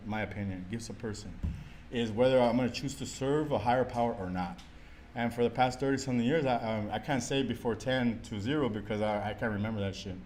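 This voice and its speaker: A middle-aged man giving a profane, animated, rambling recovery share at a meeting. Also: lowish voice, a little hiss or hum. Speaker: alumni meeting speaker.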